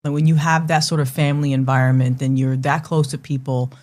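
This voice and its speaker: A woman in her forties, a martial arts master, speaking as a guest in a relaxed interview. She talks earnestly and reflectively, often adding "you know" as she works through her thoughts. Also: rumbling low, a little fast. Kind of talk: casual conversational interview.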